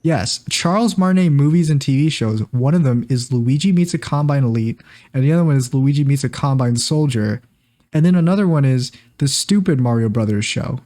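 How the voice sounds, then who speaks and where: A man's voice: medium pitch, expressive, brisk, mellow. A man co-hosting a podcast, joking and sarcastic in casual chat. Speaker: podcast co-host.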